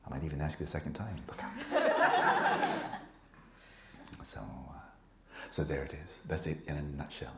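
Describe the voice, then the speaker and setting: A man teaching meditation to a retreat group, relaxed and playful, often sinking into a soft whisper and teasing students by name. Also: extremely low pitch, quick pace, background noise. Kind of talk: dharma talk to a retreat group. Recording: echoey room with faint ambience.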